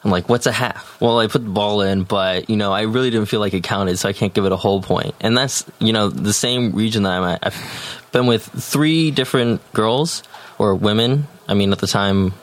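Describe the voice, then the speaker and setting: A young man chats as a podcast guest, casual and playful, fond of putting on voices. His voice sits a little low for a man. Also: moderate pace, few pauses. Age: young adult. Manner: playful, likes doing voices. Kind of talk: casual chat.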